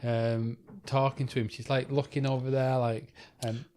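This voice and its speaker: A young man with a middle-pitched voice co-hosts a podcast. He talks in an eager, hesitant way, stacking fillers and restarting his thoughts. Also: level tone, normal speed, dark tone, slight background noise. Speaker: podcast co-host. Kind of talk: casual chat.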